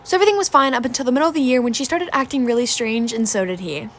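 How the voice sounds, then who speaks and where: A woman telling a gossipy story time at a rapid clip. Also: on the high side, lively intonation, a little hiss or hum.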